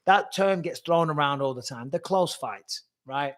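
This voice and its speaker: A man in his forties answers viewer questions in a casual live stream. His voice sits a little high for a man, and he talks fast and bluntly, swearing freely and reading out comments as he goes. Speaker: former fighter and commentator hosting a live Q&A.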